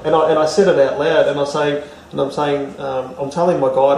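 A man's voice: a little high, fairly even intonation, moderate pace, darkish tone, slight background noise. Man telling a story in a roomy space. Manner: rambling, with many fillers and restarts. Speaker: interview guest. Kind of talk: casual storytelling. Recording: roomy, distant mic, faint ambience.

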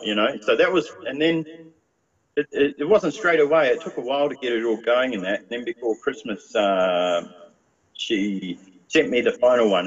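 A man's voice: medium pitch, moderate pace, lo-fi sound. A man, chatting casually as a guest with a rambling manner and lots of fillers. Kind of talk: casual chat.

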